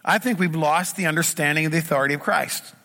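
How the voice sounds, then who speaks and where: A middle-aged man preaches in a church, earnest and emphatic, stacking one repeated phrase on the next. His voice sits a bit high for a man and comes through bright and forceful. A long reverb trails his words through the sanctuary. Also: quick pace. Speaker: pastor. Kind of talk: sermon.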